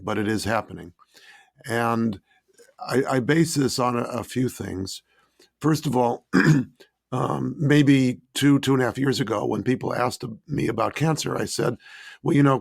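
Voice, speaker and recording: A man with a raspy voice, hoarse from a cold, giving measured explanations as an epidemiologist guest on an interview show. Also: mid-range voice, no echo, studio quality. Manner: methodical, lists points in order.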